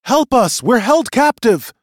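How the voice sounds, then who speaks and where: A desperate, shrill little voice of an invisible captive creature. It sits far above his usual pitch, loud and urgent, recorded dry and close. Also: very animated, unhurried, dry recording, heavily acted. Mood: pleading. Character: tiny invisible captive being, desperate and pleading.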